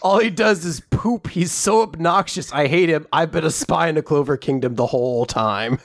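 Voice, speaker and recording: A man co-hosting a podcast, recapping manga chapters in casual chat, joking and sarcastic, acting out characters in quick voices. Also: on the high side, no room sound, studio quality. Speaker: podcast co-host.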